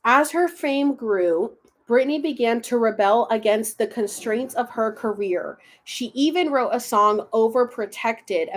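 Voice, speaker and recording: A chatty woman with a slightly high voice hosts a casual livestream, pulling cards and reading them aloud. She talks loosely and swears freely, laughing between readings.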